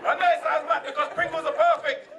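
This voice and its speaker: A man's voice: extremely high pitch, little pitch movement, fast, a loud crowd, heavy background noise. A man in his forties with a London accent doing stand-up, brash and swearing, teasing the audience. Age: 40s. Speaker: stand-up comedian. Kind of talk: stand-up comedy. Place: comedy theatre stage. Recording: amateur far-off camera in a loud crowded theatre.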